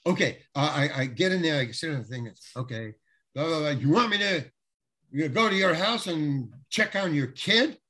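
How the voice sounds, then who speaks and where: A husky, slightly high-pitched middle-aged man tells a story in a relaxed, chatty way. He laughs often and jumps into other people's lines, putting on their voices as he goes. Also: moderate pace. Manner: animated storyteller, laughs often, acts out quotes. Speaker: guest telling a story. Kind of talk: casual anecdote.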